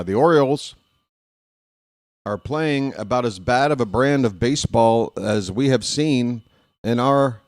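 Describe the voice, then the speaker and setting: A middle-aged man hosting live baseball commentary in a slow, unhurried way. His voice sits low, and his folksy delivery stays dry and downbeat. The sound is close and dry. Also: a little mellow, no echo. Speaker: play-by-play host.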